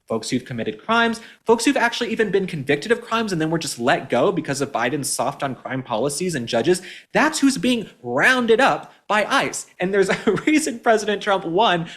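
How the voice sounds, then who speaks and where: A man's voice: sits high, fairly bright tone. A man from Texas hosting a political commentary show, talking with indignant mockery. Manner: indignant, mocking. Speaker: host.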